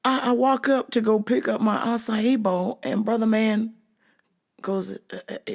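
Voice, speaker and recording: A woman's voice: fairly high pitch, normal speed, vocal fry. A woman in her thirties hosting, telling a comedic story with profanity and frequent laughter. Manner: animated, profane, laughing often. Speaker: host.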